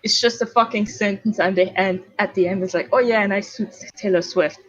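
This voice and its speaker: A woman's voice: mid-range voice, steady tone, fairly quick, dry recording. A woman from Switzerland with a Swiss German accent, chatting casually and swearing freely on a late-night stream. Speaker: stream co-host. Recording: dull, lo-fi stream audio.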